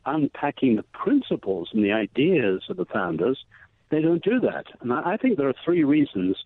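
Guest over a tinny, dry phone line: a man of middle pitch with a measured, emphatic delivery. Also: very animated, slight background noise. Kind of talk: political conversation.

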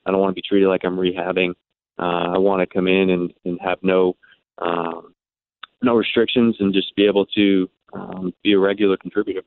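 Halting man on a tinny phone line. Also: deep voice, level tone, smooth, no room sound. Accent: Worcester, Massachusetts, mostly softened. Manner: halting, many ums and restarts. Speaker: baseball pitcher guest. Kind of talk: phone interview.

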